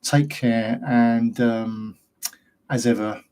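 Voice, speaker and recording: A man's voice: medium pitch, fairly even intonation, extremely slow, a little mellow, clean tone. Rambling British man ranting to camera. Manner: rambling, ranting, asks rhetorical questions. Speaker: host of a paranormal investigation channel. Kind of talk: casual monologue to camera.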